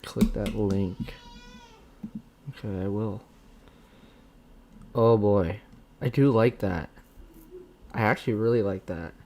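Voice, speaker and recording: A man's voice: fairly low pitch, a little slow, long pauses, dark tone, slight background noise. Chatty young man hosting a live stream. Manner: chatty, rambling, thanks viewers often. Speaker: streamer hosting a subscriber livestream. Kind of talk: casual live stream chat.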